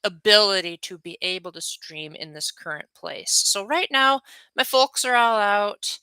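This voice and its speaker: A young man talks casually to his stream viewers, rambling from one thought to the next in a friendly way. His voice is bright and smooth, on the high side for a man. The sound is close and dry. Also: unhurried, no room sound. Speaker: livestreamer. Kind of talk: casual livestream chat with viewers.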